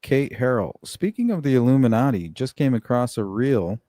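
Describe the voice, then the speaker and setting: A man's voice: medium pitch, lively intonation, normal speed, warm tone, no echo. A middle-aged man hosting a casual live chat, blunt and profane, laughing often as he reads comments. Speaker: livestream host reading chat.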